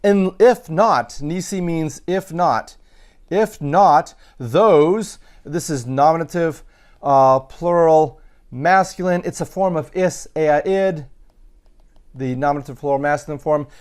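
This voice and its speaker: A man teaching Latin, working slowly through sentences and parsing each word aloud, with frequent pauses and fillers. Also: fairly high pitch, darkish tone. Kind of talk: recorded grammar lesson.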